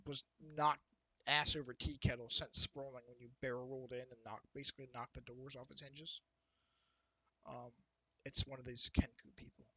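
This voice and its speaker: Bright-voiced man running a tabletop game. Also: mid-range voice, little pitch movement, moderate pace, no echo, rough recording. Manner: loose and chatty, with frequent ums and laughs. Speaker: dungeon master. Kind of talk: casual tabletop game narration.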